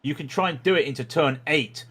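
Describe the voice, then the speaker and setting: Male sim racing commentator, chatty and joking, higher voice. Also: a little fast, a bit bright, breathy edge. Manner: chatty, jokey, many restarts. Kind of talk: livestream race commentary.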